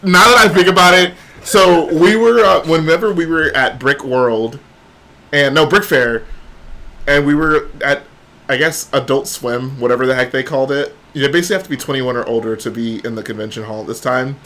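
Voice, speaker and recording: A man's voice: medium pitch, normal speed, bright, forceful tone. A young man streaming and chatting casually with friends, laid-back and teasing. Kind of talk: casual chat.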